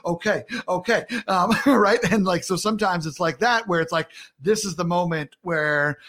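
Upbeat guy hosting a podcast, high voice, chatty and laughing a lot. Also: normal speed, a bit bright. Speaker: podcast host. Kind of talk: casual chat.

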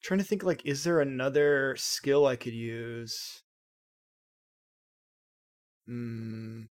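A man's voice: mid-range voice, fairly even intonation, slow pace. A man playing in a tabletop game, chatting casually, joking and laughing often, with hesitant fillers. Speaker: player.

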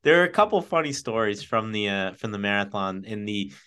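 A man's voice: on the low side, animated, brisk, bright, forceful tone, clear, resonant tone. A man in casual conversation, animatedly telling a funny race story and laughing as he goes.

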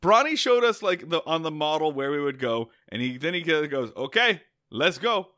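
A man's voice: fairly high pitch, moderate pace, a bit bright, clear, resonant tone, no echo, clean studio sound. A man co-hosting a casual podcast, telling a rambling story with many restarts and laughs. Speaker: podcast co-host.

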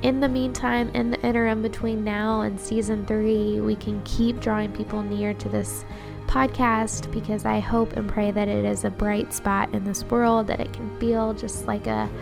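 A woman podcast host with a gravelly, fry-laced voice, signing off the episode with effusive gratitude. Her talk flows easily between thanks and requests to her audience, with music playing clearly underneath. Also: mid-range voice. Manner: gushing, warm thanks with light laughs. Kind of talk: heartfelt outro monologue.

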